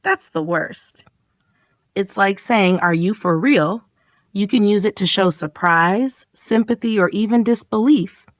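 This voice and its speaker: A woman's voice: medium pitch, a little slow, no echo, clean studio sound. A woman narrating a scripted English lesson, acting out sample reactions as she goes. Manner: lively, acts out example reactions. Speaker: English teacher.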